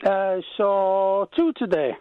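A man's voice: sits high, slow, smooth, dry recording, phone-quality sound. A Welsh man from Wales phoning in to a radio show, arguing combatively and calling the host lad. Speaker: caller. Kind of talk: heated phone-in argument.

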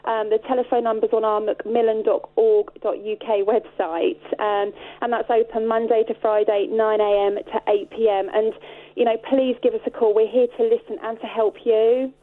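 A woman speaking as a charity spokesperson in an earnest, steady phone interview. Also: a little high, moderate pace. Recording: tinny phone line.

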